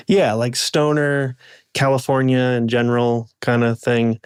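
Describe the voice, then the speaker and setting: A man's voice: mid-range voice, steady tone, unhurried, smooth, dry recording, clean studio sound. A man from the American Midwest co-hosting a casual chat in an easygoing way. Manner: easygoing, brief affirmations and laughs.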